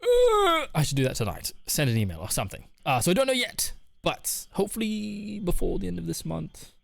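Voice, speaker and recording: A man's voice: high voice, huge pitch swings, brisk, gravelly, no echo. A man streaming live, chatting casually and candidly with his viewers while reading their messages, laughing often. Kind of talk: casual chat.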